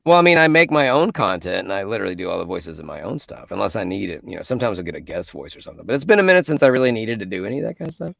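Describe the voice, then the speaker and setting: A man's voice: fairly low pitch, rapid-fire, creaky, hardly any pauses, no room sound. A man, a voice actor, chatting as a guest in an interview and telling stories with plenty of laughs. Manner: animated storyteller, laughs often. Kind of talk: casual interview chat.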